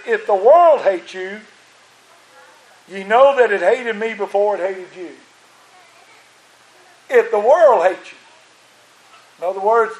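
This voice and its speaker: A high-voiced male pastor delivers a sermon to his congregation, repeating phrases to hammer his points home. His voice sounds strained with effort, and it echoes through the church sanctuary.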